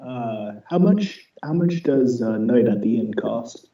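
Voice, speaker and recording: A man's voice: mid-range voice, expressive, slow, mellow. Hesitant man, far off in a roomy space. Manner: hesitant, stammering. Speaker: player. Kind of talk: playing a tabletop game. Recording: roomy, from off mic.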